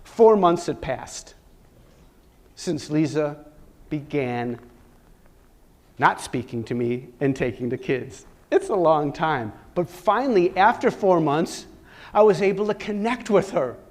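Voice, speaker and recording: A man's voice: on the high side, animated, slow pace, darkish tone. A man giving a talk at a conference, telling a personal story in a dramatic, joking way and acting out the conversations. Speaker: conference speaker. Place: conference stage.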